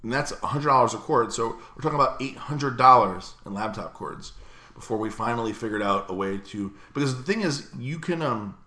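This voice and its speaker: A man's voice: mid-range voice, expressive, a little fast, sharp tone, reverberant. A young man co-hosting a podcast in loose, profane, joking casual chat. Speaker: podcast co-host.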